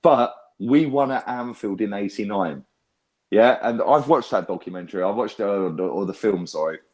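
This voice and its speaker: A young man, ranting loudly and swearing hard in a casual fan chat he hosts. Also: lowish voice, moderate pace. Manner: loud, sweary, animated ranting. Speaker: fan channel host.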